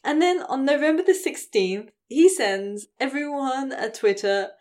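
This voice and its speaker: A woman's voice: high voice, lively intonation, unhurried, a little mellow. A woman hosting a podcast, telling a story in a casual chatty way with frequent laughs and hedges. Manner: chatty, laughs often, many hedges like "sort of". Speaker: podcast host.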